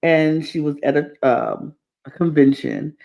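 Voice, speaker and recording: A woman co-hosting a podcast, telling a story in a lively, chatty way and acting out the quotes. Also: low-pitched, unhurried, vocal fry. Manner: animated storyteller, acts out quotes. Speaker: podcast co-host. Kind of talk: casual chat.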